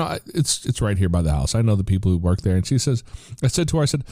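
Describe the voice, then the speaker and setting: Low-voiced American man, dark tone. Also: expressive, quick pace, no echo, clean studio sound. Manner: earnest, rambling, with frequent restarts. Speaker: podcast host. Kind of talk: casual conversational interview.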